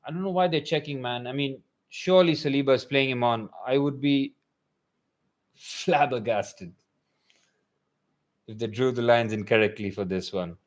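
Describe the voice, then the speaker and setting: A young man giving excitable live match commentary for a fan watchalong, swinging from calm play-by-play to loud bursts. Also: mid-range voice, brisk, hardly any pauses.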